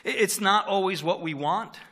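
A middle-aged man, a pastor, preaching a sermon in a conversational, storytelling way with lively emphasis. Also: high voice, moderate pace.

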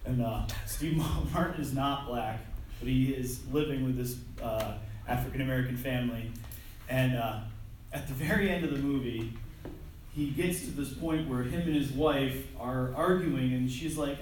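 A man's voice: mid-range voice, normal speed. A man delivers a conversational sermon, self-deprecating and loose, often restarting his phrases. His voice sits in a middle register. The sound is distant and washed in heavy hall echo, with a faint hiss underneath. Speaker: preacher. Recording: echoey hall from far off, faint noise.

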